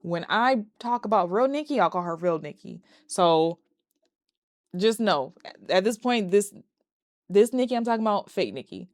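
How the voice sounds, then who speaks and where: A woman recapping a horror movie in a casual, animated and profane way, breaking into laughs. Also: medium pitch, moderate pace, no echo, studio quality. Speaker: movie reviewer.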